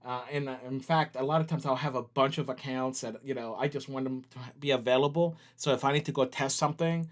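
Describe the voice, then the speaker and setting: A man's voice: medium pitch, steady tone, fast talker, few pauses. A man running a company livestream in casual chat, laughing easily and talking to viewers as he works on screen. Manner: chatty, laughs easily, talks to viewers while working on screen. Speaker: company CEO hosting a livestream.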